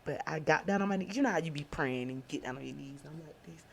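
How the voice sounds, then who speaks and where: Low gravelly woman giving testimony. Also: quick pace, slight background noise. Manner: animated, emphatic storytelling. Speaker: podcast host. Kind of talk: personal faith testimony. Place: downtown, indoors.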